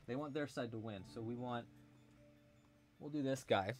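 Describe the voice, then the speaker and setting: A man with a medium-pitched voice runs a live crochet tutorial stream, chatting casually, thanking donors, and responding to the chat at a normal pace. Soft music plays in the background.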